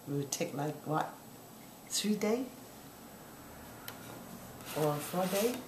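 Older grandma cooing at a baby real slow, voice bounces up n down, echoey noisy room. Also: female voice, on the low side, lively intonation. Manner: sing-song and coaxing, drifting into soft whispers. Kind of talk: baby talk while feeding a child. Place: home, indoors. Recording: echoey home room with background noise.

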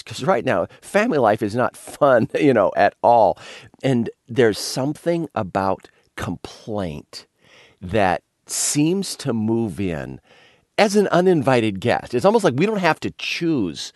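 A man, a pastor and author, talking through a Bible story in a relaxed conversational way and steering the discussion. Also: mid-range voice, measured pace, no echo, studio quality. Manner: storytelling, directs others playfully.

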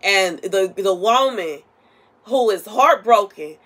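A woman delivers a prophetic message as casual, everyday talk. She rambles and circles back, filling her speech with conversational asides. Her pitch sits in the middle range. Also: animated, takes it slowly, fairly bright tone. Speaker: prophetic minister.

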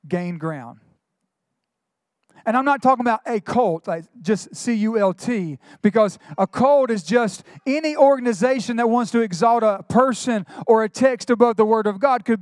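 A middle-aged male pastor, preaching a sermon with quick asides and retold dialogue. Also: very high voice, dry recording, studio quality.

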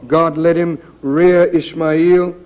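A middle-aged male minister preaches with a high-pitched voice. His delivery is conversational but dramatic, and he presses each point home with emphasis. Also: level tone, takes it slowly, darkish tone, clean tone. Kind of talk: preaching a sermon. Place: lecture hall.

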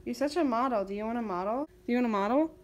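A woman's voice: a little high, rapid-fire, highs cut off, very noisy. A young woman vlogging at home, teasing her cat in a playful, cooing baby-talk voice. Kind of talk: casual home vlog.

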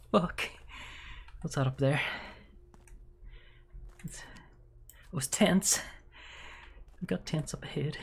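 A woman streamer talks through a horror game live, her voice low-pitched and breathy. She drawls slowly, muttering in hushed whispers before swearing in sudden startled yelps. Keyboard clicks sit under her desk mic. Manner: jumpy, swears a lot, drops to hushed whispers then yelps. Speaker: virtual streamer.

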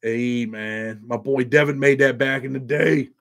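A man's voice: medium pitch, steady tone, a little slow, a bit bright. A man hosting a casual livestream, rambling and profane, reading viewer donations aloud between prison stories. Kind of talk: casual live chat with viewers.

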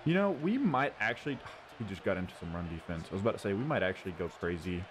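A man hosting his gaming channel, giving casual running commentary on his own football video game and cheering loudly at big plays. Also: low voice, animated, quick pace. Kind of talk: live gameplay commentary. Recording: audible background noise.

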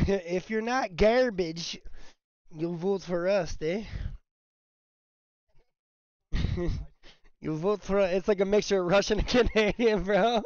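Rowdy trash-talking gamer man, slow drawl. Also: sits high, clear, resonant tone, no echo, dull audio. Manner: rowdy trash talk, callouts and laughter with teammates. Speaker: streamer playing an online shooter. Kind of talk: casual live gameplay chatter. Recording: noisy stream audio with clicks.

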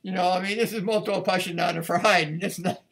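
Over music and faint violin playing, a man with a high, creaky voice talks at a quick pace in a steady tone. He's a violin teacher running a lesson, chatting conversationally and thinking out loud as he plays between passages.

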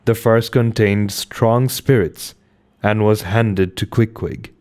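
Rich: A man with a low voice reading a classic novel aloud at a slow, careful pace. Between passages he drops into relaxed, chatty asides to his listeners. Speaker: audiobook reader. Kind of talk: amateur audiobook reading and casual sign-off.

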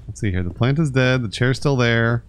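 A man's voice: medium pitch, moderate pace, a little hiss or hum. A man streaming a video game, chatting casually and laughing as he plays. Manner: amused, chatty, laughing a lot. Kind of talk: casual gameplay commentary.

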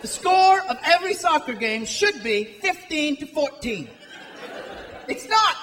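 A man's voice: very high voice, very animated, a little slow, big-room sound. A male stand-up comedian making sardonic, mocking observations on stage. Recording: live club, loud crowd laughter.

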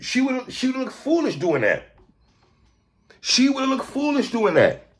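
New guy podcast host going off, high voice all over the place, stammers and yells. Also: huge pitch swings, a little slow. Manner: emphatic, repetitive, shouts and stammers. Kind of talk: animated commentary rant.

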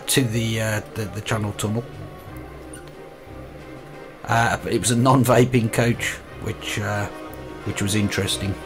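A man hosting a chat show and narrating a video diary in a measured, conversational way. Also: on the low side. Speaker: show host.

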